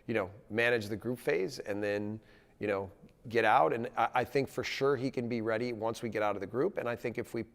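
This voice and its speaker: A man from the United States, a national soccer team coach, answering in a TV news interview in an earnest, halting way with frequent restarts. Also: mid-range voice, creaky, big-room sound.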